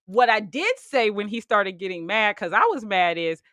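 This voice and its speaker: Lively, bright-voiced woman podcast host. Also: mid-range voice, normal speed, no room sound, studio quality. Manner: matter-of-fact, animated storyteller. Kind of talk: casual chat.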